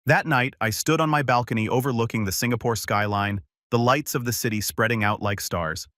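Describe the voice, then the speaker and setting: A man calmly narrating a first-person story in an even storytelling voice, recorded close to the mic. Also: mid-range voice, a little fast, no room sound.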